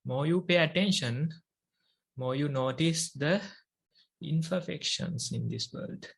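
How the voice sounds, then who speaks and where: A Buddhist monk with a Sri Lankan accent, Sinhala his first language, giving a meditation talk in slow, measured phrases with long pauses. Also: fairly high pitch, vocal fry, slightly rough.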